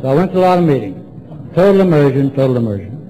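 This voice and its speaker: A man's voice: mid-range voice, very animated, very fast, mellow, slight background noise, rough recording. A man from Washington, DC giving a folksy, repetitive, emphatic talk to a recovery meeting. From Washington, DC, USA. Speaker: AA speaker. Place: meeting room before a group.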